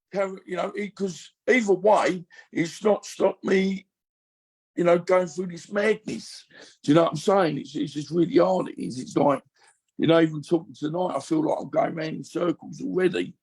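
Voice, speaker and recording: A man's voice: fairly high pitch, creaky, darkish tone, slightly rough. A middle-aged man talking candidly on a podcast, rambling with many fillers and restarts. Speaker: guest.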